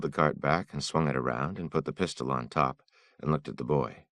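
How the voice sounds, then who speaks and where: Very deep gravelly male narrator. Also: a little fast, fairly bright tone, no echo, clean studio sound. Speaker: audiobook narrator. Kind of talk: audiobook narration.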